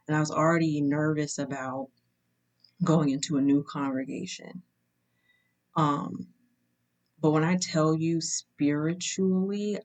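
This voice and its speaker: A young woman with a low voice speaks slowly and deliberately as she talks to camera. Her telling is candid and wry, and she lingers on words for emphasis. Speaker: vlogger. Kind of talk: casual storytelling to camera.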